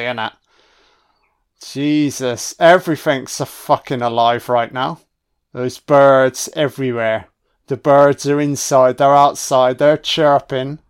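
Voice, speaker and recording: A man's voice: mid-range voice, clear, resonant tone. Sweary man riffing on a film. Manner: sweary, wisecracking, talks back at the screen. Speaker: film commentator. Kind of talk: casual first-watch film commentary. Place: home recording, voice only.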